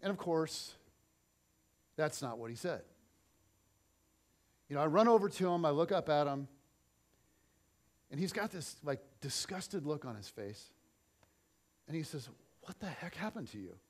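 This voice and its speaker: A middle-aged man preaching a church sermon and telling a personal story, swinging between loud and soft. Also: fairly high pitch, expressive, a little slow, pauses often. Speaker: pastor.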